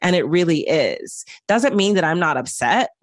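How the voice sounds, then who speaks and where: A woman doula, the guest, explaining parenting calmly and evenly in a relaxed chat with many "like" fillers. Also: fairly low pitch, normal speed, dry recording, studio quality. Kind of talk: casual podcast conversation.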